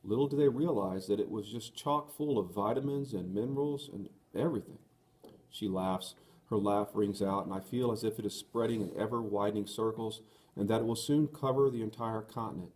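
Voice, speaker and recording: A man narrating a novel aloud in the first person, measured and earnest. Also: fairly low pitch, a little mellow. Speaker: audiobook narrator.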